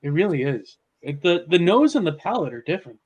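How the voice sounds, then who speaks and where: A man on a casual livestream chat, teasing and slowly savoring a pour as he talks. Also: fairly high pitch, very animated, darkish tone. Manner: quick, teasing, savoring a tasting. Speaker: guest on livestream.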